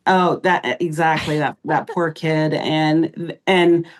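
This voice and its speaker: Recounting events as a guest on a podcast, a middle-aged woman speaks in a low-pitched, steady tone. The interview is emotional, and her delivery halts with frequent pauses and fillers.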